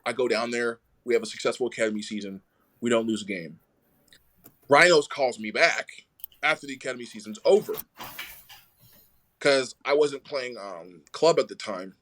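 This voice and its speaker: A young adult man telling a story in casual conversation, animated and full of "like" fillers, acting out the quoted dialogue. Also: mid-range voice. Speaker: rugby player, podcast guest.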